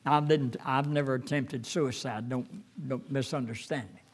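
An older man preaching a sermon as a pastor, halting with fillers, then rising fervently when he quotes scripture. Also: mid-range voice, fairly even intonation, husky.

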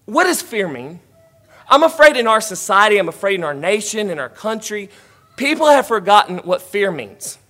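A man preaching a sermon, rising to emphatic, loud declarations and dropping to quiet asides. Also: high voice, big pitch swings, moderate pace.

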